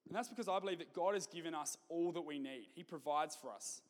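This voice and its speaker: A man preaching a sermon in a church, telling stories with lively, jokey asides. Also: a little high, fast, long reverb tail. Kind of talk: sermon with storytelling.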